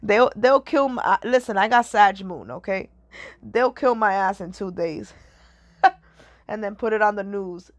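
A woman's voice: mid-range voice, lively intonation, measured pace, dry recording, lo-fi sound. A woman talking casually and emphatically to her listeners, repeating herself and often asking if they understand. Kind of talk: casual monologue to camera.

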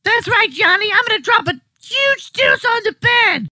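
A woman playing a furious, spiteful female movie star who shouts insults. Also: very high voice, lively intonation, normal speed, no echo, heavily acted.

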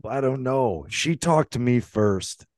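A man's voice: medium pitch, animated, slow, a little mellow, no echo. A man on a podcast casually telling a rambling anecdote, restarting his sentences and chuckling as he goes. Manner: rambling, self-interrupting storyteller who chuckles often.

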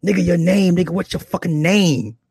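A man voicing a rough, brash young New York woman who deals drugs, talking loud swaggering street talk. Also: high-pitched, brisk, no room sound, studio quality, voice pushed up, exaggerated voice. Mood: mocking.

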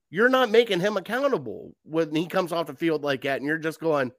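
A man's voice: a little high, expressive, normal speed, hardly any pauses, a bit bright, no echo, clean studio sound. A man co-hosting a casual sports talk show, ranting heatedly. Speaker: podcast co-host.

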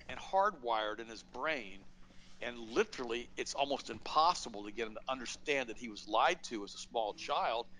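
A middle-aged man hosting a talk show, speaking bluntly and emphatically, pitching up sharply for stress and acting out quotes in his stories. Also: rough recording. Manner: emphatic, animated, blunt storytelling with acted-out quotes. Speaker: radio show host. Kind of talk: political commentary, conversational monologue.

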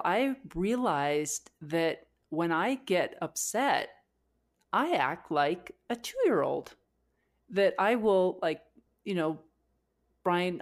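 Woman, low-pitched voice, podcast co-host, candid emotional storytelling, rambling with restarts.

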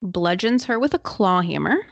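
A woman hosting a podcast, telling a true crime story in a casual, chatty way with quick asides and fillers. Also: mid-range voice, expressive, vocal fry, no echo, highs cut off. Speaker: podcast host.

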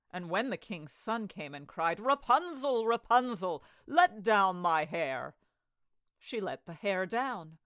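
A woman reading a fairy tale aloud as a storyteller, with an expressive storybook delivery. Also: on the low side, no room sound.

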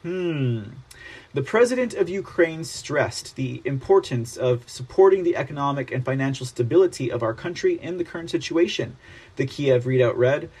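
A man hosting a political news commentary show, reading articles aloud and mocking them in an animated, sarcastic manner. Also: mid-range voice, normal speed, slightly rough.

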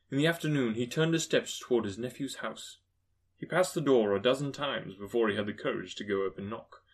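A man narrating a classic story aloud with expressive, lilting storytelling. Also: mid-range voice, husky. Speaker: audiobook narrator. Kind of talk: storybook reading.

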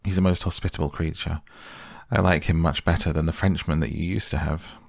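Grave, earnest painter voiced by a man reading aloud: very deep and gravelly, softly read for a bedtime audiobook. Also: fairly even intonation, a little fast, no room sound, studio quality, exaggerated voice. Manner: earnest, pleading.

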